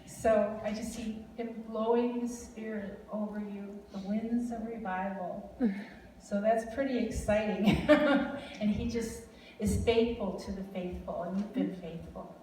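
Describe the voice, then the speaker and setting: In a large hall, a Wisconsin woman gives an informal prophetic ministry talk over a family, chatting, laughing frequently and drifting off on tangents. Her voice is mid-range, warm, steady and unhurried, captured distantly with echo and slight background noise.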